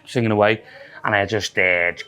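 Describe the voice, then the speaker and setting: A young man, co-hosting a podcast, telling a story in a casual and animated way, swearing and acting out what others said. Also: on the low side, brisk, smooth. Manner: animated, sweary storytelling, acts out quoted voices, says "lad" a lot. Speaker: podcast co-host.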